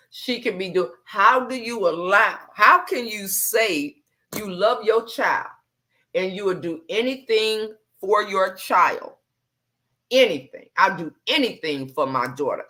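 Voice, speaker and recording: A woman hosting a live stream, talking in a calm, measured way and repeating herself to stress her points. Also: medium pitch.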